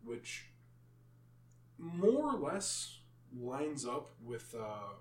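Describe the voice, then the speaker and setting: A man's voice: medium pitch, big pitch swings, drawn-out words. A man co-hosting a casual podcast, describing things hesitantly and searching for words. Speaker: podcast co-host. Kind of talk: casual chat. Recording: echoey room, mic at a distance.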